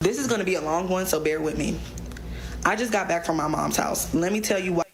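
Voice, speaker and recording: A woman's voice: fairly low pitch, fast, slight background noise, low-quality recording. A woman in a short social media video, telling a personal story in a chatty, confessional way and checking in with the listener as she goes. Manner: chatty, conversational, checks in with "right?". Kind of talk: casual confessional storytelling to camera.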